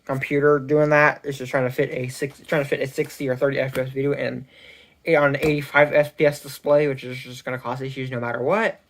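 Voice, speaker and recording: Rambling, halting tech reviewer on a phone mic. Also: medium pitch, level tone. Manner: rambling and halting, with frequent restarts and self-corrections. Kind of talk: casual product review.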